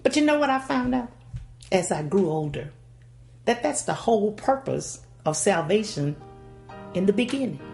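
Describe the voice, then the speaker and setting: A woman's voice: mid-range voice, very animated, normal speed, creaky, long pauses, darkish tone, soft background music. An older woman with a Southern US accent, telling a folksy, dramatic childhood story. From Louisiana, USA. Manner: folksy, dramatic delivery with acted-out voices. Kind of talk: oral storytelling.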